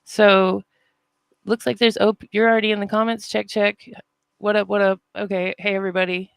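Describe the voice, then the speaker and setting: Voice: mid-range voice, level tone, normal speed, creaky, clear, resonant tone, dry recording. A podcast host running a casual interview, laid-back and upbeat, greeting listeners with hype.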